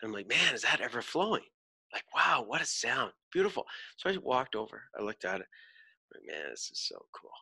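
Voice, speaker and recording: Bright, animated man telling a story. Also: medium pitch, a little fast, vocal fry, slightly rough. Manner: animated storytelling, swears freely, acts out voices. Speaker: podcast host. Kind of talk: casual podcast chat.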